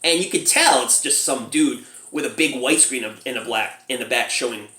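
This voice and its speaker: A man casually reviewing a low-budget horror movie, laughing often as he retells scenes and squeaks out the characters' lines. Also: normal speed, pushed and bright, echoey room.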